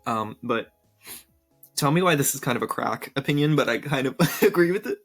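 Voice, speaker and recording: A man's voice: mid-range voice, expressive, fairly quick, faint music behind. A young man chatting casually with many ums and likes, giggling often while reacting to viewer opinions on a cartoon series. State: tired. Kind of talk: casual commentary.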